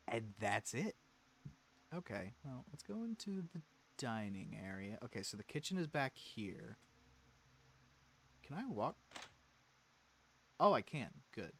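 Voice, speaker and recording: A man's voice: medium pitch, very animated, a little slow, pauses often, fairly bright tone, slightly rough. A man casually playing a story game, reading its text aloud and adding joking asides. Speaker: let's play streamer. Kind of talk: casual gameplay commentary.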